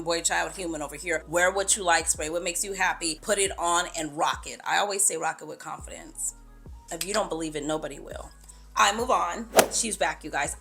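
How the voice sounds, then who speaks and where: A woman vlogger in casual chat to the camera, animated and playful, with quick asides. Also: mid-range voice. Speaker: fragrance vlogger.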